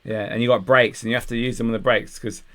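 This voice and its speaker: A man with a middle-pitched voice co-hosting a podcast. He chats casually about a day out and swears freely. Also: steady tone, fast talker, a bit bright. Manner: chatty, recounts a day out with swearing and laughs. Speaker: podcast co-host. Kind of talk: casual chat.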